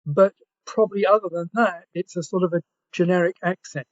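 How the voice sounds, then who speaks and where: A man from Essex with a southern English accent, telling anecdotes on a panel in a measured way, clearing his throat now and then. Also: high-pitched, steady tone. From Essex, England. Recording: dull lo-fi audio.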